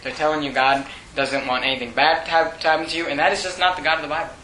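High-voiced fervent preacher man. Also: fairly even intonation, rapid-fire, echoey room, slight background noise, low-quality recording. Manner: fervent preaching that swings from shouted peaks to hushed lows. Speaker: pastor. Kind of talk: sermon.

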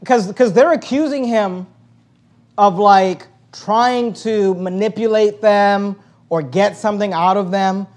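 A man preaching a sermon as pastor, reading scripture aloud and building to loud emphatic stretches. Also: high voice, measured pace.

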